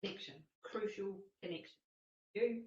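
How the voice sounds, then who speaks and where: A woman's voice: mid-range voice, moderate pace, darkish tone, reverberant, distant mic, muffled recording. A woman taking part in a coaching session, talking in short clipped fragments. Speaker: participant.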